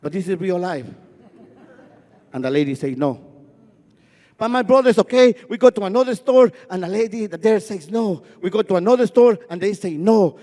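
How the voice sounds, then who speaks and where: A high, mellow male voice, telling a personal story on a festival stage. He builds rhythm through repetition and has a stutter. A long hall reverb hangs behind each line. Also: lively intonation, moderate pace. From Guatemala. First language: Spanish.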